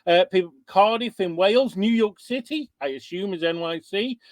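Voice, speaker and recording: Chatty high-voiced man hosting a webinar. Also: normal speed, dry recording. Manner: chatty and informal, reading out attendees. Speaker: webinar host. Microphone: video call.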